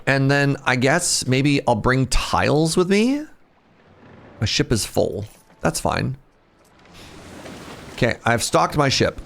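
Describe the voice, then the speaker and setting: Man streamer, joking play-by-play, gravelly and animated, soft game music under. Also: medium pitch, takes it slowly, pauses often, slight background noise. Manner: chatty, joking, reacts aloud. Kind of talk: casual gameplay commentary.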